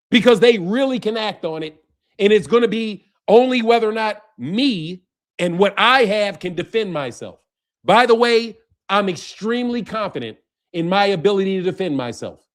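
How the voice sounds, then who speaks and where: A man with a fairly high voice rants to his audience about boxing. He mocks and taunts in a profane, heated way, laughing between lines and repeating his points over and over. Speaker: boxing channel host. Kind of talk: mocking rant to camera.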